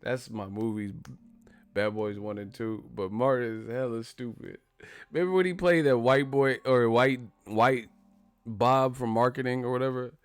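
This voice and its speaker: A man's voice: medium pitch, fairly even intonation, normal speed, smooth, dry recording. Laid-back, profane male streamer. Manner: laid-back, profane, reads viewer messages. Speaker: boxing live-stream host. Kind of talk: casual live-stream chat.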